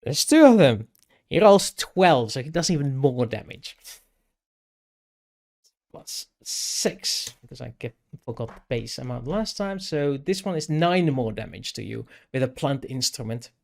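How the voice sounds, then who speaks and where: A man running a tabletop game as game master, speaking haltingly with frequent restarts. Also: medium pitch, big pitch swings, creaky, a little mellow. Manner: halting, with many restarts and laughs.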